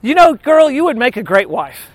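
A man voicing an overjoyed old male servant, gushing with excitement in a raised voice. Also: moderate pace, no room sound, exaggerated voice. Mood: thrilled. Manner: gushing, excited, high-pitched.

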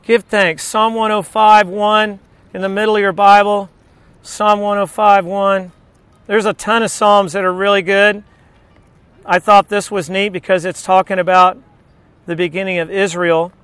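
A man's voice: sits high, level tone, unhurried, fairly bright tone, clean tone, no room sound. A man preaching a sermon, telling stories and asking the audience questions. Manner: storytelling, asks the audience questions.

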